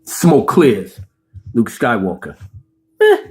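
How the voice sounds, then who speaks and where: A man doing a profane, animated film review rant, cursing freely and acting out the scenes he describes. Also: medium pitch, slow pace, husky. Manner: animated, swears a lot, acts out scenes. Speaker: movie reviewer.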